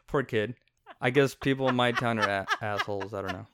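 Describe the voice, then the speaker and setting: A man co-hosting a movie review podcast, talking in a rambling, animated way and laughing often. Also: mid-range voice, moderate pace, background noise. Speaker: podcast host. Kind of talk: casual movie review chat.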